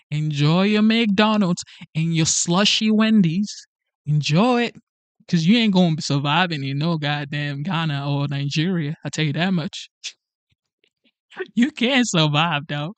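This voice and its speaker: An immigrant naturalized in the United States hosts a political commentary channel, ranting emphatically in slang and repeating his punchlines. The voice is mid-range and unhurried, with no echo.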